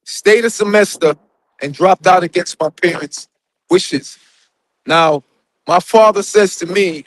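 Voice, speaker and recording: High-voiced Jamaican-accented man. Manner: emphatic storytelling, drifts in and out of patois, says "brethren". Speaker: guest. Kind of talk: casual live-stream interview.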